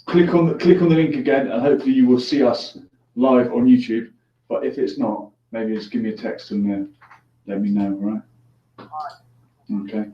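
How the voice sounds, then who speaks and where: The man hosting this call-in show speaks in a mid-range voice at a moderate pace, leaving long pauses as he chats casually with callers, joking and laughing easily. Headphones on and mic far away, he's recorded in an echoey room on a dull, distant lo-fi mic.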